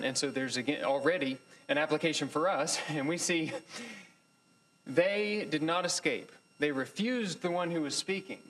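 A man teaching a Bible class in a thoughtful, halting way, with many pauses, fillers and restarts. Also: fairly high pitch, animated, fairly bright tone, a little hiss or hum, rough recording. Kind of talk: lecture.

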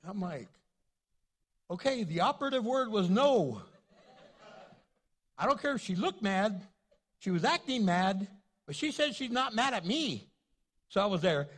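Older guy pastor, kinda high voice, telling funny stories in a sermon. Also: very animated, unhurried, long pauses, fairly bright tone. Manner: storytelling, playful, laughs at his own jokes.

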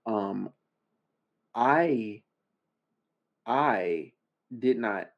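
A man's voice: fairly low pitch, lively intonation, very slow, creaky. A man hosting a podcast, giving a casual, exasperated commentary rant, repeating his points with emphasis. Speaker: podcast host. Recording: slightly muffled, lo-fi audio.

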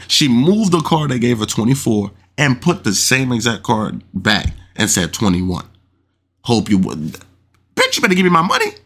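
A young man hosting a solo podcast, telling stories in casual slang with swearing and acting out other people's shouts. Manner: animated storytelling, acts out other people's shouts in a high voice; swears freely, uses slang fillers like "you know what I'm saying". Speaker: podcast host.

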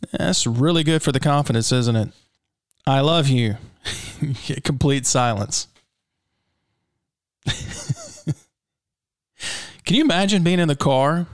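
A man's voice: medium pitch, clean tone, dry recording, clean studio sound. A man hosting a podcast in a casual, comic way, reading odd news and stories and laughing through rhetorical asides. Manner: chuckling, jokey, rhetorical asides. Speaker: podcast host.

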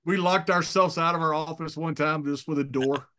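A man's voice: fairly high pitch, steady tone, moderate pace, sharp tone. Chuckling man in his fifties, storytelling. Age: 50s. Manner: chuckles often and repeats words as he tells stories. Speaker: guest. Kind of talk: casual storytelling.

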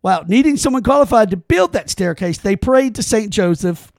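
A man with a high, gravelly voice co-hosts a casual podcast, reading aloud haltingly and breaking off with exclamations. The sound is close and dry, with no room around him. He restarts lines often as he goes. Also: expressive, a little mellow, no room sound. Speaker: podcast co-host.

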